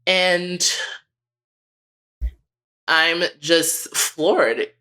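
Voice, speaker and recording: A young man co-hosting a podcast, telling a personal story in a candid, profane, animated way. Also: on the high side, extremely slow. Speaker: podcast co-host.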